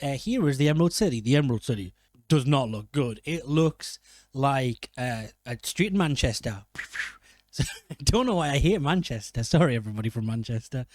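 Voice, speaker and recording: Quick and animated, a film reviewer with a medium-pitched, darkish voice wanders through casual commentary, cracking jokes and correcting himself mid-sentence. There's no echo.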